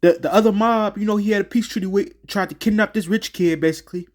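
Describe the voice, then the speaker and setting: A man's voice: sits high, fast talker. A man giving a casual game review, slangy and profane, rambling with frequent restarts.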